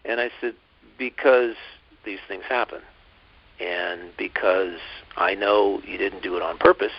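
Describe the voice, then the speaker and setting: A man co-hosting a podcast, calmly telling a personal story in casual chat, with many restarts and asides. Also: deep voice, a little slow, vocal fry. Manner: calm, reflective, lots of restarts and asides. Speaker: podcast co-host. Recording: dull lo-fi podcast audio.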